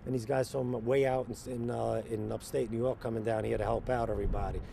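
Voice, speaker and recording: A man's voice: mid-range voice, steady tone, fast, gravelly, mellow. A man working as a firefighter, explaining in a plain-spoken, rambling way with many fillers. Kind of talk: casual interview on location. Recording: outdoor street noise.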